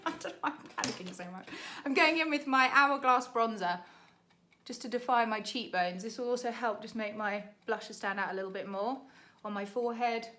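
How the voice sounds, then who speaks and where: A young British woman, a makeup artist, chatting to camera in a rushed, laughing tutorial while doing her makeup. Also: on the high side, pushed and bright. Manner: chatty, rushed, laughing under time pressure.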